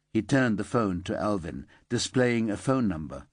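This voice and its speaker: A man narrating a thriller audiobook in an expressive storytelling manner. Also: lowish voice, measured pace, few pauses, no echo, studio quality. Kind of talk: scripted narration.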